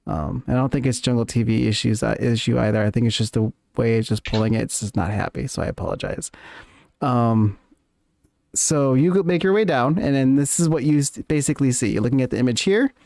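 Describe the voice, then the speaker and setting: A man narrating as game master, often pausing and correcting himself as he goes. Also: medium pitch, gravelly, a little mellow, dry recording, studio quality. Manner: halting, self-correcting, apologetic.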